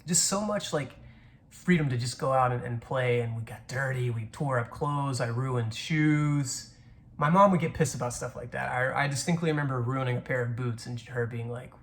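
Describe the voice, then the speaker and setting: A man's voice: mid-range voice, moderate pace. A man in his twenties from the American South, rambling through casual stories with frequent swearing and restarts. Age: 20s. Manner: rambling, profane, restarts a lot. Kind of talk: casual storytelling monologue.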